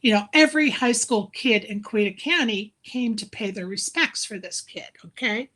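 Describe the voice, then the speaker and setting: A woman's voice: fairly high pitch, lively intonation, normal speed, a bit bright. A woman telling a story in casual chat, laughing often as she talks. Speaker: live stream co-host.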